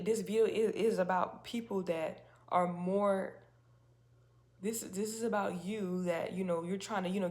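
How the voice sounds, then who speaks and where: A woman's voice: on the low side, darkish tone. A woman hosting a faith-based talk video, speaking casually and emphatically with rhetorical questions. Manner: chatty and emphatic, with many restarts and rhetorical questions. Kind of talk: casual spoken talk to camera.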